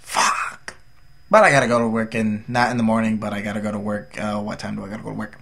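A man's voice: on the low side, level tone, racing, creaky, a bit bright. A tired young man from the United States rambling through a casual, jokey vlog update as a gaming YouTuber.

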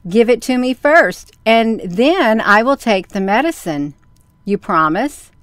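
A woman's voice: a little high, animated, slow, smooth, no room sound, clean studio sound. A woman voicing a whining, stubborn wooden puppet boy in a storybook reading. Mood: whiny. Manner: whining, wailing protests.

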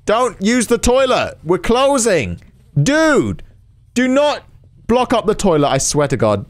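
A man's voice: sits high, wildly swooping pitch, unhurried. A man giving casual gameplay commentary with exaggerated reactions, sarcasm and swearing. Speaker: gaming channel host.

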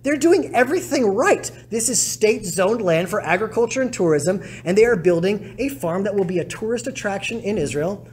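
A rabbi speaking to a congregation, telling stories in an animated way and acting out quotes with big swings in pitch and loudness. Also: male voice, brisk, few pauses, slight background noise. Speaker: rabbi giving a talk. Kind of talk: storytelling talk to a congregation. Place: synagogue congregation hall.

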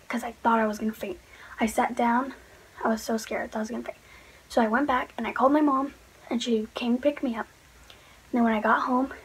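A woman's voice: fairly high pitch, husky, poor audio. A teenage girl telling a personal storytime vlog in a chatty, rambling way, full of "like"s. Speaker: vlogger.

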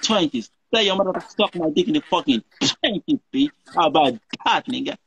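Gravelly high-voiced man cursing angrily. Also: animated, fairly quick, a bit bright, slight background noise. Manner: repeats insults and demands angrily. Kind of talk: profane trash talk roast.

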